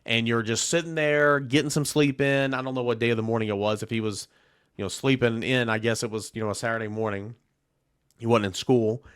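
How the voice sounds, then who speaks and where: Animated man telling a sports story. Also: medium pitch, a little fast, smooth, no echo, clean studio sound. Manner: animated storytelling, acts out quotes. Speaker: podcast host. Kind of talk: casual sports podcast monologue.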